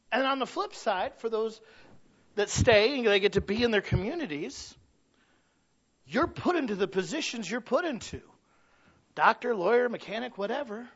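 This sermon comes from a middle-aged Midwestern pastor in Michigan whose high voice has lively intonation at normal speed, broken by long pauses. Conversational with his congregation, he alternates quiet asides with loud, emphatic peaks, and the audio is dull and lo-fi.

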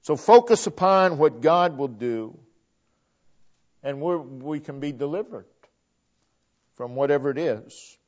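A man preaching a sermon, quoting scripture at length with emphatic, drawn-out delivery. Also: fairly high pitch, animated. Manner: emphatic, drawn-out delivery with frequent Bible quotations. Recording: dull lo-fi sound.

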